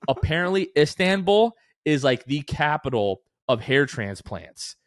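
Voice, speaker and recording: Animated man telling stories on a podcast. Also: on the high side, a little slow, no echo, studio quality. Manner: animated storyteller, acts out quotes. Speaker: podcast co-host. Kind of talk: casual chat.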